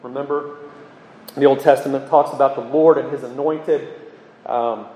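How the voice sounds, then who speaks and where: A man preaching an expository sermon, earnest and emphatic, pausing with ums as he explains scripture. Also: mid-range voice, fairly even intonation, mellow. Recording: echoey hall with long reverb.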